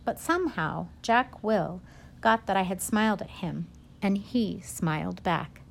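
A woman narrating a first-person storybook in a gentle, measured way. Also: medium pitch, lively intonation, creaky, slight background noise. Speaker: audiobook narrator.

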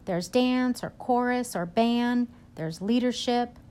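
A woman's voice: on the high side, slow pace, darkish tone, clean tone, voice pushed up. A woman voicing an earnest, bossy schoolgirl who talks emphatically and scolds. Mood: eager.

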